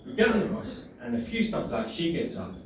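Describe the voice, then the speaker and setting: A man's voice: high voice, sing-song, brisk, creaky. A man with a Birmingham accent doing a stand-up set, cheeky and laughing at his own jokes. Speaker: stand-up comedian. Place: small pub comedy room. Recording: echoey room from far off, noisy.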